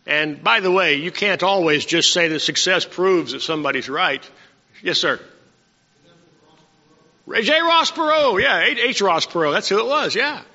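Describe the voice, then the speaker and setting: An older male pastor delivers a folksy sermon, calling out to people in the pews. His voice is high, bright and gravelly. The recording is dull and lo-fi, with long reverb from the church hall. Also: lively intonation, moderate pace, pauses often. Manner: folksy preaching with asides to the congregation. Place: church sanctuary.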